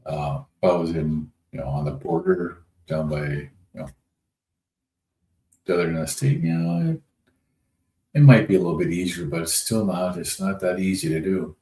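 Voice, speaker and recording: A folksy man from North Dakota hosts a livestream, casually chatting and reading comments in an easygoing, rambling way. His low, gravelly voice has a dark tone, big pitch swings, and a moderate pace, recorded in an echoey room with faint noise.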